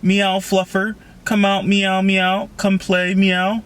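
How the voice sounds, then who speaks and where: A man's voice: high-pitched, completely flat delivery, slow pace, fairly bright tone, clear, resonant tone, voice pushed up. Sarcastic teenage boy, joking, mocking, man reading aloud.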